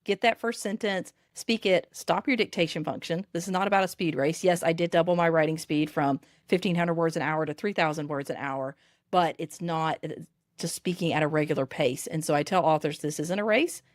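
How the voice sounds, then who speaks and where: A woman with a Southern US accent, coaching authors on dictation in an animated podcast interview. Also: low-pitched, fairly quick, dry recording, clean studio sound.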